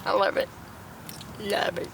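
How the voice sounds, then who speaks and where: A woman's voice: measured pace, a bit bright, slight background noise. A middle-aged woman ranting to a phone in a blunt, profane, rambling way, recorded in a parked car. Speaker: TikTok livestreamer. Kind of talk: ranting casual monologue.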